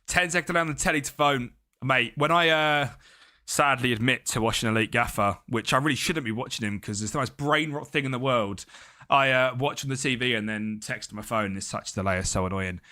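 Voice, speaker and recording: A man's voice: medium pitch, fairly quick. Chatty young man streaming. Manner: chatty, greets chat by name, excitable. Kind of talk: casual live-stream chat.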